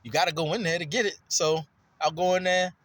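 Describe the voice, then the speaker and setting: A man's voice: fairly quick, no echo. Rambling, profane man with a raised voice. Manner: loose and profane, jumps in pitch when excited. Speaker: vlogger. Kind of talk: rambling casual monologue.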